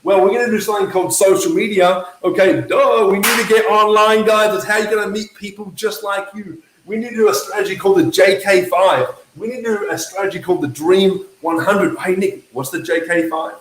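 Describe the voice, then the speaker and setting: High-voiced man coaching with emphatic energy. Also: fairly quick, hardly any pauses, echoey room, a little hiss or hum, rough recording. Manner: emphatic, keeps checking in with "okay?" and "right?"; lively, acts out quoted voices. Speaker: network marketing coach. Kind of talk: motivational talk to camera.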